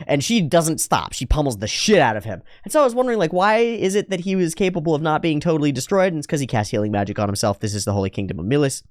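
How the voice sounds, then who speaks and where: A man's voice: a little high, lively intonation, quick pace, few pauses, no room sound, clean studio sound. A man reacting to an anime episode in casual, profane commentary, often acting out the characters' lines in mocking voices.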